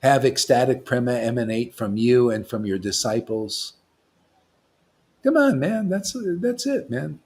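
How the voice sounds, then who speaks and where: This man leads a devotional class with fervent, rambling preaching, quoting verses, calling out to listeners, and often adding "man" to his lines. His mid-range voice keeps a measured pace but is excitable and slangy, with loud bursts, laughs, and shouts.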